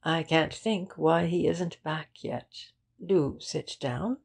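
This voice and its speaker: Narrator as a flustered gentleman, anxious and coaxing, slow, raspy tone. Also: sits low, full character voice. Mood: uneasy. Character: flustered, well-meaning man of the police.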